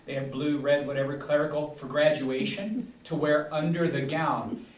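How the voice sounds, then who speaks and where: Pastor teaching a Bible study, male, slightly high voice, digressive delivery, recorded far off in a roomy hall. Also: a little hiss or hum. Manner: rambling, digressive, many restarts and fillers. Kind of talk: casual teaching talk. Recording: echoey room, distant mic.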